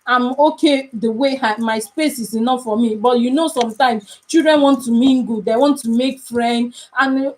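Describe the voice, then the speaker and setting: A woman's voice: on the high side, moderate pace, few pauses, a little mellow, rough recording. A young woman with a Nigerian English accent, chatting casually on a live stream as a mother, emphatic and repetitive, often pleading.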